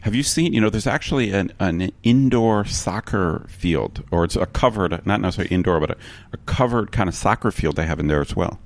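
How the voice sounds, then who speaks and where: A man's voice: deep voice, expressive, fairly quick, no echo. A man co-hosting a podcast, chatting in an easygoing, agreeable way with frequent restarts. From expat living in Bangkok. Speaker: podcast co-host. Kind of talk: casual chat.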